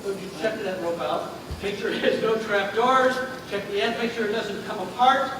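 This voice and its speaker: In a high, steady-toned voice at normal speed, a man works as a stage magician, joking and chatting with volunteers in front of an audience. The sound is echoey and distant, from a theater hall, with crowd noise present.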